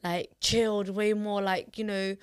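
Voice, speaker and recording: A woman's voice: medium pitch, level tone, measured pace, clean tone. A woman co-hosting a podcast, rambling in casual chat, full of fillers and free with swearing. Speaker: podcast co-host.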